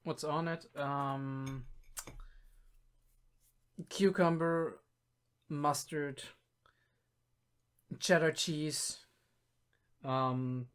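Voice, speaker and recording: A young man, not a native English speaker, hosting a casual reaction video and thinking aloud with many pauses and restarts. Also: a little high, fairly even intonation, fairly bright tone, clean tone. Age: young adult.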